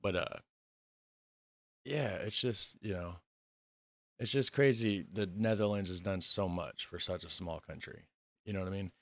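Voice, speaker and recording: A man's voice: low voice, measured pace, gravelly, pauses often, a bit bright, no room sound, clean studio sound. A young man from Indiana, hosting a reaction video in loose, rambling casual talk, recorded on a phone camera in a small room. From Indiana, USA. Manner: rambling, loose, with fillers and restarts.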